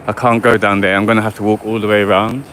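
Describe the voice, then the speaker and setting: With faint traffic hum in the background, a low-voiced Londoner strolls through a city park by the water on a live walkabout, talking fast in a level, fairly bright tone. He chats and rambles freely, constantly asking "do you know what I mean."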